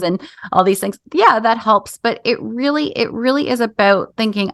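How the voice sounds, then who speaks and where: A woman's voice: medium pitch, brisk, fairly bright tone, dry recording. A woman in her thirties hosting an interview, telling a personal story in an earnest, conversational way. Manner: earnest storytelling, acts out quoted voices. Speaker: podcast host.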